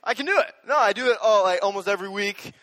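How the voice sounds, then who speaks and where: A young man preaching a sermon as a youth pastor, animated and joking, speaking straight to the audience. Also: sits high, quick pace, long reverb tail.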